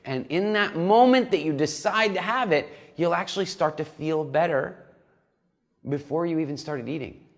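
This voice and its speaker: A man's voice: a little high, normal speed. A man coaching a nutrition program in a recorded lesson, talking animatedly and acting out little inner voices.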